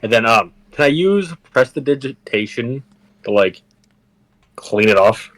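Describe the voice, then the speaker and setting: A man's voice: medium pitch, animated, a little slow, fairly bright tone, low-quality recording. A man in a tabletop game, talking casually and hesitantly with a lot of "like". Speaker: player. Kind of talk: tabletop role-play.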